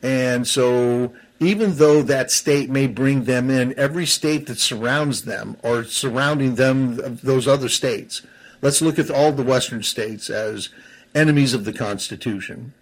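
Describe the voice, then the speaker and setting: A man's voice: medium pitch, measured pace. A man giving heated political commentary on a talk show, often stumbling and restarting his sentences as he gets worked up. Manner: heated, stumbles and restarts, self-described seething.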